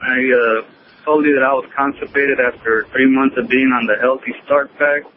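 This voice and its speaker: A man's voice: mid-range voice, fairly even intonation, moderate pace. A man calling in to a radio show, talking hesitantly with lots of ums and uhs. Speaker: caller. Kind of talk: phone-in call. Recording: tinny phone line with faint hiss.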